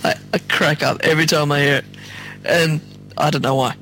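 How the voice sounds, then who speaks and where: Enthusiastic male co-host, higher-pitched bright voice, laughs a lot. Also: fairly even intonation, fairly quick, soft background music, poor audio. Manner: giggly and enthusiastic. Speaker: podcast co-host. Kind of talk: casual music review chat.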